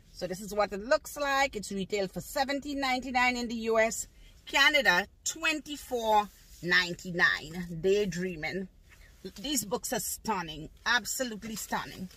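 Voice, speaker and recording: A grandmother with a sharp, medium-pitched voice gushes about her shopping haul in a casual video, showing items one by one and repeating words of praise. She's recording outdoors from her car on a sunny day.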